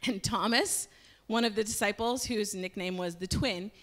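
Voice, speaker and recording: A woman retelling a Bible story in a lively, conversational way during a church service. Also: mid-range voice, a little slow.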